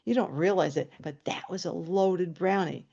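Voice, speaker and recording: A woman's voice: on the low side, normal speed, gravelly, mellow, dull audio. A woman voicing her exasperated, protective adult brother, who talks in a blunt, scolding way.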